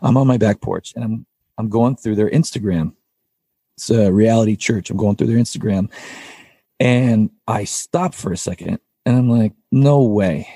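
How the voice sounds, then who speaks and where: A man with a low, mellow, slightly husky voice recounts a personal story as a podcast guest. His delivery is loose and rambling, full of filler words and casual swearing, and the recording is dry and close. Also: moderate pace, dry recording. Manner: rambling, with frequent "like" and "you know" and casual swearing. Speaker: podcast guest, metal band vocalist.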